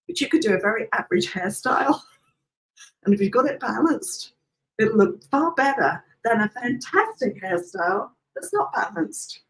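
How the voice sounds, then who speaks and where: A woman teaching a live online hairdressing class, lively and emphatic, laughing often. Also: on the high side, normal speed. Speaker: hairdressing educator.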